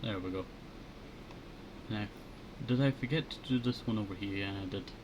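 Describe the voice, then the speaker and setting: A man chatting casually while drawing on a headset mic, thinking aloud in a low-key mutter. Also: moderate pace, background noise. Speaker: streamer.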